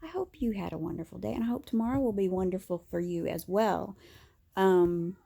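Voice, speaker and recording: Gravelly, dark-voiced woman vlogging. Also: medium pitch, a little fast, a little hiss or hum. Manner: candid and rambling, with many fillers and restarts. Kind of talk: casual monologue to camera.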